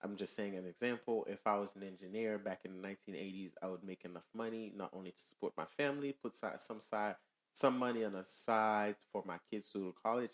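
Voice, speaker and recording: A man co-hosting a casual podcast, explaining his point with fillers and pauses to find words. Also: fairly low pitch. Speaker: podcast co-host.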